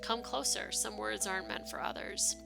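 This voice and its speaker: A woman's voice: medium pitch, steady tone, moderate pace, vocal fry, music in the background. Woman reading a cryptic masked male patient. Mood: secretive. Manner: hushed, cryptic warnings. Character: secretive masked male hospital patient, urgent and warning.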